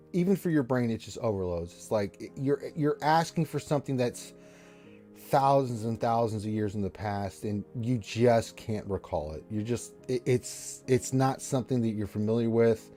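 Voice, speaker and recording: A man's voice: mid-range voice, moderate pace, dark tone, soft background music. A man running a tabletop game as game master, loose and joking, a little tipsy, rambling with fillers. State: a bit tipsy.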